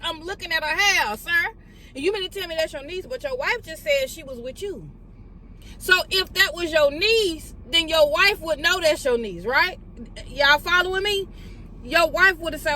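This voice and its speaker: A woman telling a story to her viewers, retelling a confrontation in an animated, profane way with heated quoted dialogue. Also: very high voice, moderate pace, a little hiss or hum. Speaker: vlogger. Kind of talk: storytime vlog.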